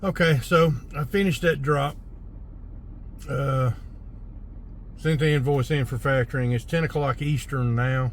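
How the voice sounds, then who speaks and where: Laid-back trucker, road noise behind. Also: male voice, medium pitch. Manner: laid-back drawl, thinking aloud with fillers. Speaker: hotshot truck driver. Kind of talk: casual trucking vlog. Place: truck cab by the roadside.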